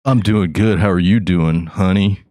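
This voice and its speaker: Goofy low-voiced man chatting loosely. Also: moderate pace, warm tone, no room sound, clean studio sound. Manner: goofy, laughing, loose storytelling. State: high. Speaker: podcast host. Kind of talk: casual chat.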